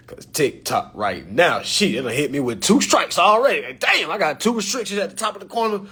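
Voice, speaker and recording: A man in a casual talk to his camera for his followers, with loose slangy speech that swings between loud and animated and low and quiet. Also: normal speed, husky. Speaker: social media creator. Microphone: phone or camera mic.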